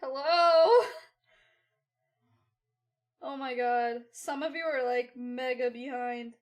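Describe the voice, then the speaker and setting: Livestreaming to her chat, a young woman rambles through a personal story in a fairly high voice, slightly slow, with fairly even intonation. Her delivery is loose and casual, full of "like" and swearing.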